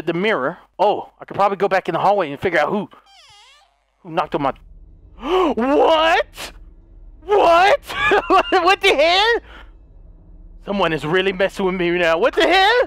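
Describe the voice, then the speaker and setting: A man narrating a horror game as he plays, jumpy and excitable, stammering and yelping when startled. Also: high-pitched, no room sound, clean studio sound. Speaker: gaming YouTuber. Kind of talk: horror game let's play commentary.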